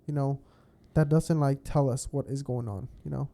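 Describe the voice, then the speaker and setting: A man's voice: mid-range voice, steady tone, normal speed, vocal fry, warm tone. A young man from California co-hosting a podcast, chatting casually and rambling with frequent swearing. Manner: rambling, swears a lot, laughs often. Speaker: podcast co-host. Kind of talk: casual chat.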